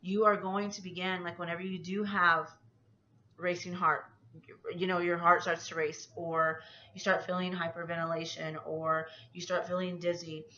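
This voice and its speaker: A woman's voice: lowish voice, flat delivery, normal speed, sharp tone, lo-fi sound, a little hiss or hum. A woman anxiety coach talking casually to camera in a personal vlog, rambling as she talks herself through her feelings.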